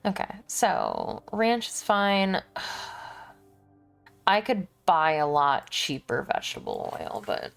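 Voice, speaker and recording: A young woman streamer rambles through her online shopping, talking to herself and laughing easily. Her voice has a gravelly fry to it and swings widely in pitch as she goes. She talks slowly, with soft music underneath. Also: huge pitch swings. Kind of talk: casual stream chat.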